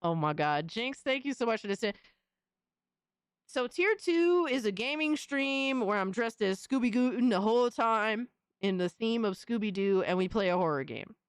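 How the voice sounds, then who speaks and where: A woman's voice: a little high, animated, moderate pace, clean tone, no room sound. A young adult woman hosting a live stream in casual chat. She swears freely and coos at her cat.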